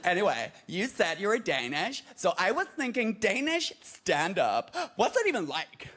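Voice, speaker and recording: A woman's voice: mid-range voice, very animated, normal speed, noisy background, close to an everyday voice. A man voicing an overexcited young American woman fan who gushes in breathless repeated exclamations. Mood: gushing.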